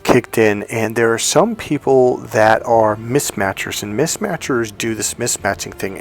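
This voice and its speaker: A man's voice: on the low side, gravelly. A middle-aged man, a relationship coach, telling a personal story in a casual monologue and acting out both sides of an argument. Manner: animated storytelling, acts out both sides of a quarrel.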